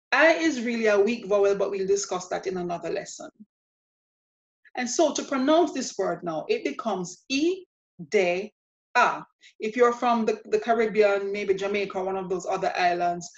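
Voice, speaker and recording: A woman teacher walks through pronunciation rules at a patient, methodical pace. She repeats each example word slowly, her voice sitting in a middle pitch. The recording is dull and muffled, lacking high end. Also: creaky. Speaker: Spanish teacher. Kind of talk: spoken grammar lesson. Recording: dull lo-fi sound.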